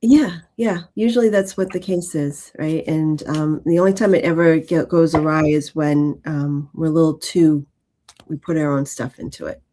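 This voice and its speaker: Low-voiced woman co-hosting, laughing asides. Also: steady tone, moderate pace, mellow. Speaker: co-host and mediumship teacher. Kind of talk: casual live-stream chat.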